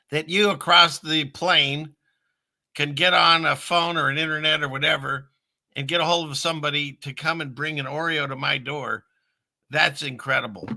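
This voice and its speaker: A man's voice: on the high side, pushed and bright, dry recording. A middle-aged man hosting a casual talk show, rambling and laughing often as he chats. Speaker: host.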